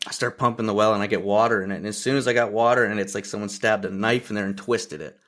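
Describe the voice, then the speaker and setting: A man's voice: lowish voice, fast talker. Man from Ontario telling hunting stories. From Ontario, Canada. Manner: lively storyteller who acts out other people's quotes. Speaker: podcast guest. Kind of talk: casual hunting storytelling.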